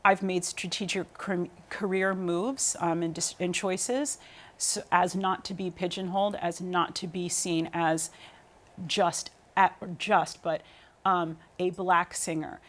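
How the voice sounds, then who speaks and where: Chatty woman telling stories, lowish voice. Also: measured pace. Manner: animated storytelling with many fillers. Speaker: guest, opera singer. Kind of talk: interview conversation.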